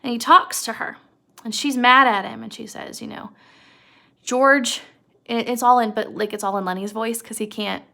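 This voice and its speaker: Gravelly-voiced woman teacher. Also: on the high side, fairly even intonation, fairly quick, bright, forceful tone. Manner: casual, conversational, checks in with "okay?". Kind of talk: recorded video lesson.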